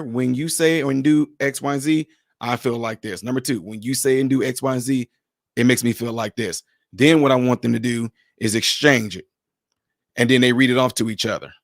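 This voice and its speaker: A man's voice: mid-range voice, dry recording, clean studio sound. A man, casually giving relationship advice on a podcast panel and acting out bits of dialogue as he tells stories. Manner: animated storyteller, acts out dialogue in other voices.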